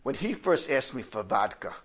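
A man telling a moral tale aloud with measured, dramatic pauses. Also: mid-range voice, sing-song, fairly bright tone. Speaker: storyteller. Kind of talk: oral storytelling.

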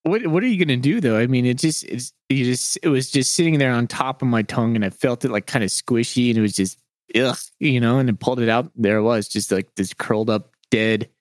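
A young adult man co-hosting a podcast, telling a story in a lively, chuckling way. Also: mid-range voice, fairly quick, dry recording, studio quality. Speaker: podcast co-host. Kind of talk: casual storytelling.

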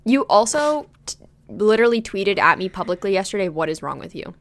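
A woman's voice: medium pitch, sing-song, brisk, slight background noise. A young woman hosting a podcast, chatting casually and telling stories with self-deprecating asides. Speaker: podcast host. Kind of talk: casual chat.

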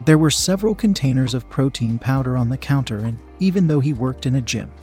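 Male story narrator, mid-pitched, steady unhurried read over faint music. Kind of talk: scripted erotic story narration.

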